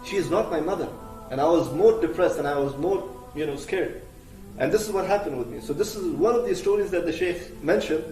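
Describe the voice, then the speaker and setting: A man's voice: on the high side, a little fast, darkish tone. A man preaching as he retells a religious story in a conversational way, with many fillers, restarts and Arabic religious terms. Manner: conversational, full of "you know" fillers and restarts. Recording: roomy, from a distance, faint music behind.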